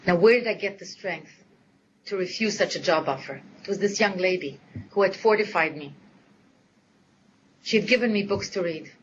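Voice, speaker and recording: An older woman giving a lecture as a personal story, lively and dramatic, acting out her own past words. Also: lowish voice, moderate pace, pauses often. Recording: dull lo-fi recording with faint hiss.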